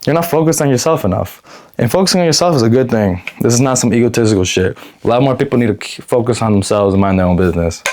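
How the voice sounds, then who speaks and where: A young man talks straight to camera in a raw, unedited video diary, at a middling pitch. He is blunt and swears freely. His pace keeps shifting as he rambles, and he often stops himself mid-sentence to start over. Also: lively intonation, quick pace, darkish tone. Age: young adult. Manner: frequent restarts and self-corrections. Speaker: vlogger. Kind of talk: unedited vlog monologue.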